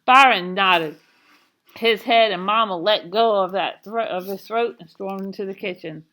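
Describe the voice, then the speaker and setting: A woman reading a children's novel aloud in a slow, expressive storytelling manner. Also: mid-range voice. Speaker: reader.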